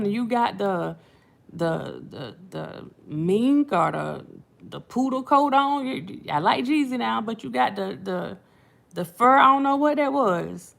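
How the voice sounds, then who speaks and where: A woman's voice: a little high, lively intonation, measured pace, creaky, fairly bright tone. A woman, hosting casual late-night commentary, chatty and laughing often while she retells things. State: has a headache. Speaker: channel host.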